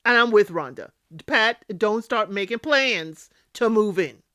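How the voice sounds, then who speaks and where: A woman's voice: mid-range voice, expressive, a little slow, a bit bright, no echo, clean studio sound. A woman hosting a casual recap of a reality TV show. She talks emphatically, scolds the people on the show directly and often tags her points with "okay?". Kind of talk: casual spoken recap and commentary.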